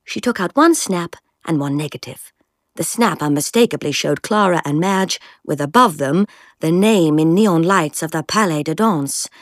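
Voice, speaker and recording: Expressive woman storyteller with a lively, varied delivery. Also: low voice, moderate pace, dry recording, studio quality. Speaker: audiobook reader. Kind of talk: scripted story narration.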